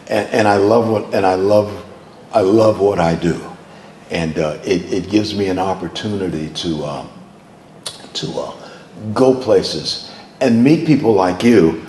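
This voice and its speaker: A man's voice: deep voice, measured pace, darkish tone. An older man, a veteran TV journalist, telling stories to a live audience in a chatty way, often repeating words as he starts a thought. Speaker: veteran TV journalist, guest speaker. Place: hall with an audience. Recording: echoey room, faint noise.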